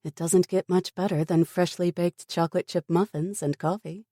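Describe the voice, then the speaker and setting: A woman voicing a gentle, kind woman doctor in an audiobook, on a low, dark voice. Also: steady tone, normal speed, no echo, clean studio sound, lightly acted.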